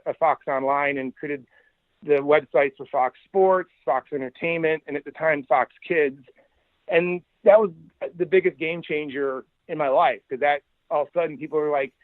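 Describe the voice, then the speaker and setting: A man's voice: a little high, dry recording. Middle-aged man telling stories over a tinny line. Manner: animated, anecdotal, quotes people in his stories. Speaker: podcast guest. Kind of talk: casual storytelling interview. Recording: dry, tinny phone-like line.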